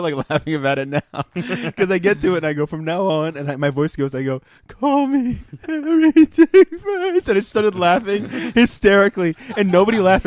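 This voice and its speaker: A man's voice: a little high, no echo, studio quality. A young man co-hosting a casual chat show, telling rambling school stories and laughing through them. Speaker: podcast co-host.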